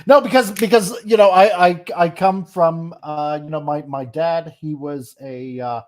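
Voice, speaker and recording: Eager man with a fairly high voice. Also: unhurried, a little mellow. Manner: eager, stumbling over restarts and fillers. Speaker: podcast guest. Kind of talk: casual chat.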